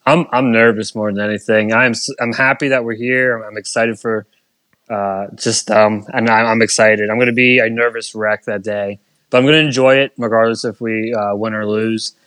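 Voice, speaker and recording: A man co-hosting a casual sports podcast, speaking hesitantly with repeated words and pauses. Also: lowish voice, steady tone, fairly bright tone, no echo. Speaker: podcast co-host. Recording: dry podcast mic.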